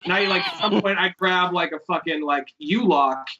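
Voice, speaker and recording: A man's voice: high-pitched, normal speed, lo-fi sound, noisy background. A man hosting a podcast, telling rambling stories in casual chat and swearing freely. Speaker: podcast host.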